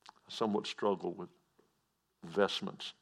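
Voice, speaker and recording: A man preaches a sermon in a plain, folksy way, repeating his key phrases. His voice is low and gravelly. He drops to near-whispers and then climbs to loud, emphatic declarations. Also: flat delivery, unhurried. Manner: folksy preaching with repetition and swings from hushed to loud.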